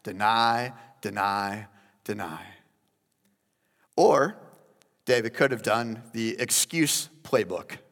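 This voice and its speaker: Animated pastor preaching in a hall. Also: male voice, medium pitch, takes it slowly. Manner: animated, addresses listeners as "guys". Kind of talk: sermon. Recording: long hall reverb.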